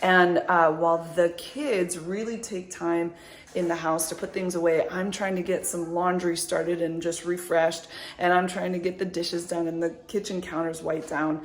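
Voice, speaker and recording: A woman's voice: fairly low pitch, fairly even intonation, normal speed. A woman in her thirties chatting casually to her viewers in a vlog, upbeat and rambling, with lots of likes and ums. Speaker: vlogger, mother.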